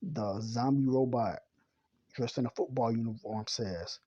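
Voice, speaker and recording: A man reading a comic chapter aloud in a plain, unhurried way, correcting himself as he goes. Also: mid-range voice, a little mellow, highs cut off. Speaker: comic reader.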